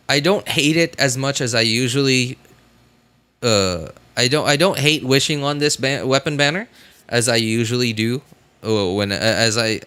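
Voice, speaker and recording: A man's voice: mid-range voice, pushed and bright, clean tone. A man streaming a game, chatting casually and rambling, with many fillers, restarts and self-corrections. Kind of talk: casual live-stream chat.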